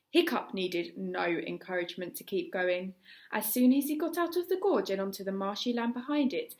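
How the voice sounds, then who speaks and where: A woman teacher with an English accent reads a chapter book aloud, expressive, with small slips she corrects. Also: mid-range voice. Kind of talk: reading a story aloud.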